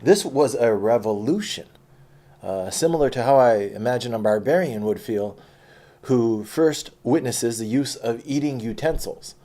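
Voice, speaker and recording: A man's voice: mid-range voice, unhurried. Profane man telling his own story. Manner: profane, animated, drops to a hushed whisper. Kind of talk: autobiographical stage monologue.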